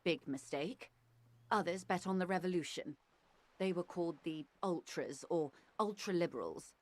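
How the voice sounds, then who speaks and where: An actress plays a composed, worldly woman speaking in a game. Her voice sits a little low, and she lays out each point in a measured, dry way. She never raises her tone. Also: natural voice. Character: cool, worldly woman explaining politics. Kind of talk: game voice acting.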